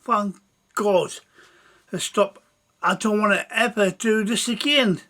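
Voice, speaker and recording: A man's voice: high-pitched, takes it slowly, bright, forceful tone, pitched above the performer's own voice, heavily acted. A man voicing a nervous young soldier. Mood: relieved.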